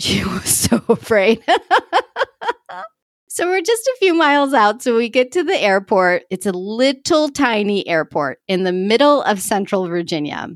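A woman coach casually telling a story to her listeners, animated and quick to laugh, acting out the dialogue. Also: mid-range voice, no room sound, studio quality. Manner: animated, laughs often, acts out quoted dialogue.

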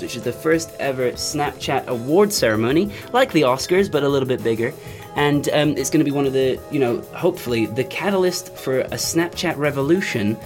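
A man appearing as a guest comedian, talking in a casual, self-deprecating, hesitant way. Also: medium pitch. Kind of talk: casual interview talk.

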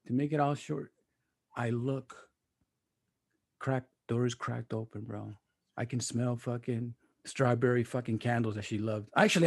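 A man's voice: mid-range voice, gravelly, a little mellow, husky. A man, telling a story in a casual, profane chat, dropping into Spanish and calling everyone dude and bro.

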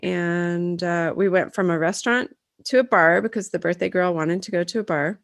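A woman's voice: on the low side, moderate pace, no echo, studio quality. Chatty woman podcast co-host. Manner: chatty storyteller, talks through a dental retainer. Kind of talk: casual chat and read ad. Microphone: video call.

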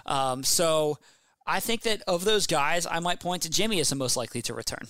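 A man's voice: fairly high pitch, animated, moderate pace, pushed and bright, no room sound. A man co-hosting a casual sports podcast, easygoing and teasing his co-host.

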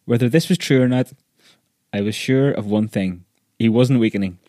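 A man's voice: mid-range voice, mellow, no echo. Man reading a story aloud, dry. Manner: measured, vivid storytelling. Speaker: narrator.

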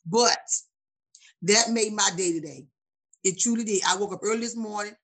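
A woman in her forties in casual chat, animated and preachy, laughing often, heard over a video call. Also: mid-range voice, moderate pace. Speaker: guest.

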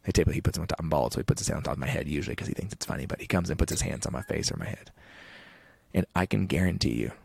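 A man's voice: a bass voice, very fast, creaky, a little mellow, husky, no echo. A man in his thirties, a podcast guest talking in an earnest, reflective way with frequent restarts. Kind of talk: podcast conversation.

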